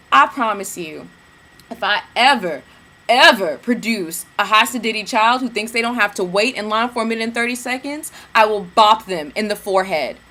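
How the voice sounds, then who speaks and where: A young woman from Georgia, telling a story in a casual vlog rant, animated and sassy, slipping into mimicked asides. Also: fairly high pitch. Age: young adult. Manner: animated, mimics people in asides, sassy slang, bursts of cackling laughter. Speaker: vlogger.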